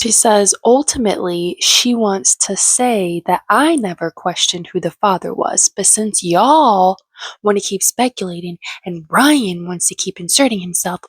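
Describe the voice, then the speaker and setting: A woman's voice: mid-range voice, animated, measured pace, husky, dry recording. A woman giving casual, sarcastic, opinionated commentary as she recaps a reality show.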